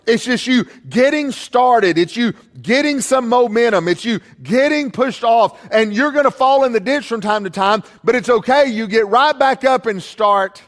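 A man gives a sermon from a church pulpit, his voice sitting fairly high for a man. He tells stories in a loose, conversational way, often repeating a word before his sentences get going, then slows and lifts his voice when reading scripture. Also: expressive, in a large hall. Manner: storytelling, repeats words when starting a sentence. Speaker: pastor.

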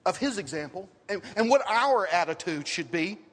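A man preaching a sermon to a congregation in church, reading scripture and telling stories in an animated way. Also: high-pitched, moderate pace. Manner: animated storytelling with scripture quotes. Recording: reverberant hall.

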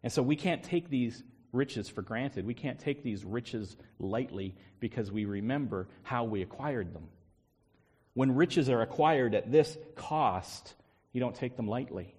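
A man's voice: mid-range voice, lively intonation, a little slow, darkish tone, slightly rough. A male pastor preaching a sermon with emphatic repetition and rhetorical questions. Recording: long hall reverb.

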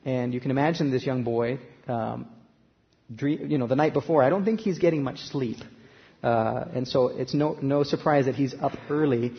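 A man preaching a sermon in a conversational way, growing louder when he reads scripture aloud. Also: medium pitch, normal speed, vocal fry, in a large hall, muffled recording. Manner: conversational preaching, rising loud for scripture quotes. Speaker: pastor.

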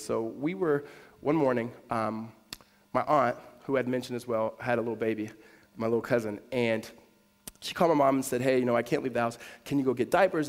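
A man preaches a sermon in the middle of his voice range, telling a personal story. He drops to near whispers and then rises to loud, high emphasis. A long hall reverb trails every phrase. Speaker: pastor.

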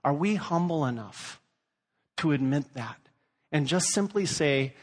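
A man's voice: fairly high pitch, lively intonation, unhurried, big-room sound. A man from Louisiana preaching a sermon and telling stories, acting out the voices he quotes. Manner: storytelling, acts out quoted voices. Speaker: pastor.

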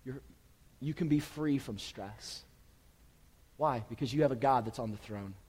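A man preaching a sermon as pastor, swinging from urgent, raised emphasis to quiet, soft reassurance. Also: mid-range voice, a little slow, breathy edge, big-room sound, low-quality recording.

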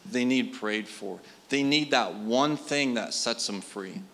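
A man's voice: mid-range voice, slow pace, fairly bright tone. A man preaching a sermon, telling personal stories in an earnest, conversational way with frequent fillers. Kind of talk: sermon storytelling.

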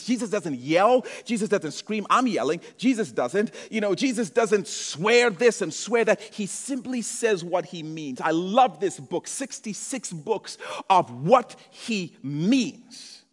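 A man preaching a sermon as pastor, swinging between loud emphatic lines and hushed ones. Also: high-pitched, lively intonation, measured pace. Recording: echoey hall reverb.

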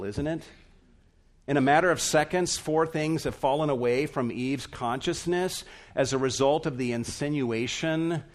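A man preaching a teaching sermon, deliberate and emphatic, letting his voice drop low at the ends of phrases.

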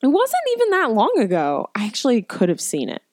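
A woman's voice: on the high side, huge pitch swings, fairly quick, no room sound, studio quality. A woman in casual chat, rambling and chatty with lots of fillers, playfully voicing quotes as she retells a story.

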